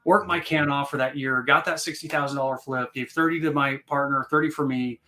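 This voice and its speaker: Fast-talking animated man telling his story. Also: mid-range voice. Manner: animated, rambling with many fillers and restarts. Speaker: podcast guest, real estate investor. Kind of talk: casual storytelling.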